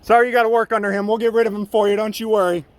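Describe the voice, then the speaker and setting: A man who films police, standing on a sidewalk and yelling profane taunts at an officer during a live stream, filmed on a handheld phone. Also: sits high, level tone, very fast. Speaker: cop watcher, channel host. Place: outdoors on a sidewalk.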